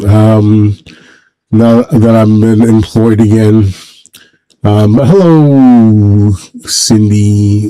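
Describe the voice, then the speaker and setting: A man hosting a casual solo livestream from home, rambling and halting, talking in a sentimental way. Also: lowish voice, warm tone, rough recording. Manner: rambling, halting, many restarts; emotional, sentimental. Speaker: livestream host.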